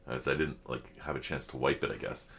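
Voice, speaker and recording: Very deep-voiced man, heartfelt and halting. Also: fairly even intonation, vocal fry, a bit bright. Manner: halting, many fillers and restarts; heartfelt, openly emotional. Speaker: reaction video host. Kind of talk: casual reflective chat.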